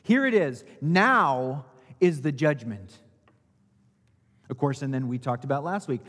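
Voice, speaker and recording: Male pastor, sermon delivery, slightly high, husky voice, long reverb. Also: big pitch swings, measured pace. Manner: rhetorical questions, rising and falling emphasis.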